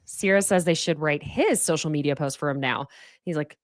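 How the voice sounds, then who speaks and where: A woman hosting a reality TV recap podcast, giving animated, sassy commentary with big jumps in pitch. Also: moderate pace, dry recording, studio quality. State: sniffly from allergies. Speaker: podcast host.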